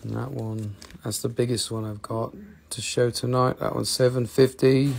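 A man's voice: mid-range voice, little pitch movement, moderate pace, gravelly, darkish tone, slightly rough. A man hosting a live online sale, talking casually and enthusiastically, rambling and swearing now and then. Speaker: host selling rocks and minerals on a live stream. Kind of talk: casual live sales chat.

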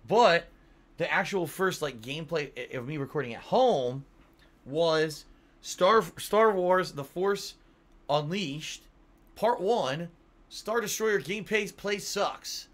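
A man's voice: fairly high pitch, expressive, takes it slowly, fairly bright tone. A man livestreaming from home, rambling casually, swearing now and then, and yawning between thoughts. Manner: rambling, swears casually, reads donor messages aloud. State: yawning, tired. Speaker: streamer.

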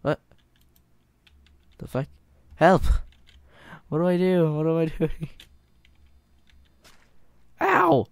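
A man's voice: on the high side, steady tone, takes it slowly, long pauses, a little mellow, clear, resonant tone, dry recording. A man giving gameplay commentary, panicking, pleading and swearing, laughing at himself. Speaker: gamer.

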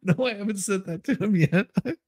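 A man's voice: high-pitched, brisk, a little mellow, no room sound, clean studio sound. A man co-hosting a casual live stream, laughing constantly and reading viewer comments aloud. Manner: laughs constantly, giggly and amused. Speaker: livestream co-host reading chat.

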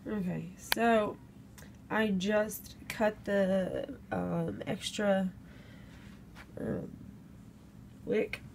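A woman's voice: mid-range voice, fairly even intonation, drawn-out words, creaky, long pauses, background noise. A young woman, chatting casually at home into a phone camera while she thinks aloud. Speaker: vlogger reviewing a candle. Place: home room.

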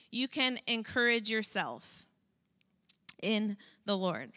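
A woman preaching a sermon to a congregation, animated and now and then acting out whiny complaints in a high voice. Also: a little slow, clean tone.

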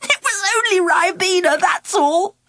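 A woman voicing a mischievous young girl who plays tricks, talking high and breathless. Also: a little slow, dry recording, clean studio sound. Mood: giggly. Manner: breathless, giggling, high and excited.

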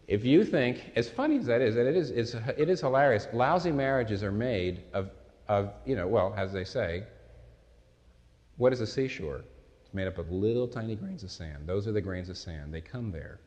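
A man's voice: lowish voice, expressive, moderate pace, a little mellow. A man preaching a sermon in a conversational, storytelling way, often restarting his sentences. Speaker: pastor. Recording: echoey hall recording.

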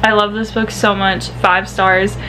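A woman's voice: medium pitch, flat delivery, a little slow, noisy background. A young woman vlogger from the American Midwest, talking casually and emotionally about a book she loved, teary-voiced, with frequent sighs and trailing-off restarts. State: teary, crying.

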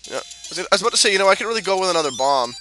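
A man swears and jokes his way through a game playthrough, excitable and quick to mock himself. His voice sits a little high and sounds bright and forward. Faint game music plays behind him. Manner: profane, excitable, self-mocking. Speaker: let's play host. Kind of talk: let's play commentary.

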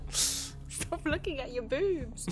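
A woman co-hosting a game review, teasing her partner in casual let's-play banter. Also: sits high. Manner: teasing, quick to laugh.

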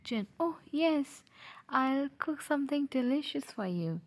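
A woman's voice: high voice, animated, measured pace. A woman voicing a fussy, doting male parent in a mafia family in a fan audio drama, gushing and affectionate.

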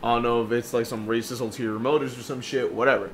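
A man's voice: medium pitch, steady tone, fast, a little hiss or hum. A young man co-hosting a podcast, telling a profane story in casual chat and acting out the people in it. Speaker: podcast co-host.

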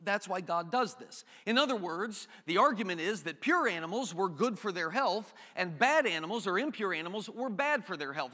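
Bright-voiced, high man preaching in a hall. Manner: animated, jokey asides, shifts between reading scripture and quick chatter. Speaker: pastor. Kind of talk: sermon. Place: church sanctuary. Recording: long hall reverb.

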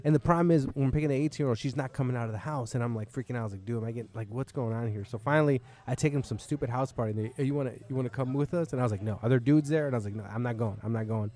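A comedian hosting a podcast, spinning a long, rambling story in a bar. He talks fast and swears freely. His voice sits at an ordinary pitch. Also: dark tone. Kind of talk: casual chat.

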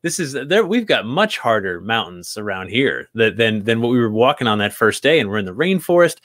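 A man's voice: fairly low pitch, very animated, a little fast, fairly bright tone, no echo, studio quality. A man in his forties from New England, an author guest telling his story in a casual, earnest, reflective way, often repeating words as he restarts. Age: 40s.

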